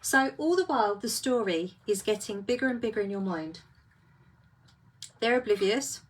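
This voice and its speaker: A woman's voice: medium pitch, lively intonation, moderate pace, slight background noise. A woman hosting a casual live talk, reflective and full of rhetorical questions.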